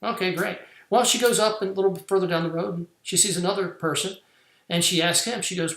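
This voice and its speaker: A man's voice: high voice, gravelly, a bit bright. A man hosting a podcast, giving an earnest motivational business talk. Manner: earnest, preaching, deliberate. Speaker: podcast host. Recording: roomy echo.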